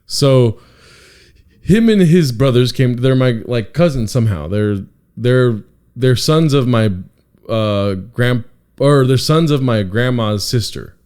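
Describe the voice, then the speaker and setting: A man's voice: medium pitch, slow, clean tone. A man co-hosting a podcast in casual chat, telling stories with acted-out quotes and frequent laughter. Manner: animated storyteller, acts out quotes, laughs often. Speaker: podcast co-host.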